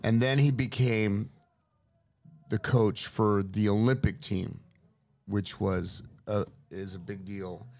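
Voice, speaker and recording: A middle-aged man from Los Angeles, a guest telling lively, profane stories about his father in casual chat. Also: on the low side, slow, creaky. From Los Angeles, USA. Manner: profane, lively anecdotal storyteller. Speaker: interview guest. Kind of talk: casual storytelling.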